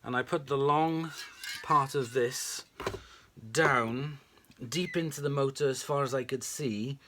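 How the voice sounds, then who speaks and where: A man's voice: medium pitch, slow, noisy background. A British man hosting a casual vacuum restoration vlog, talking in a chatty, rambling, friendly way. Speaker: vacuum restoration channel host.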